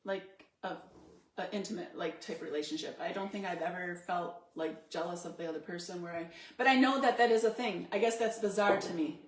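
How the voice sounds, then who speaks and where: A woman's voice: on the low side, a little fast. Chatty woman laughing in an echoey room. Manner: chatty, laughs often while telling stories. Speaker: co-host. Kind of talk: casual chat.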